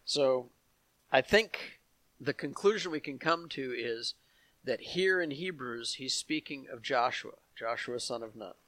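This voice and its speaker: A man's voice: medium pitch, lively intonation, measured pace, a bit bright, dry recording. A man teaching verse by verse from the Bible, reading passages aloud and adding asides to his listeners. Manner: explanatory, reads passages aloud with asides to the congregation.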